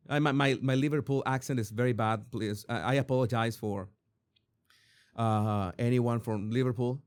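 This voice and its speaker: A man hosting an entertainment commentary channel, reacting in an excitable way, swearing and stumbling over repeated words. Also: mid-range voice, normal speed.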